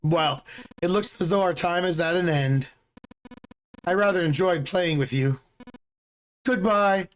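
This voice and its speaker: A slightly hoarse man voicing a cold, polite, murderous older male villain in a calm, measured way. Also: high-pitched, faint music behind.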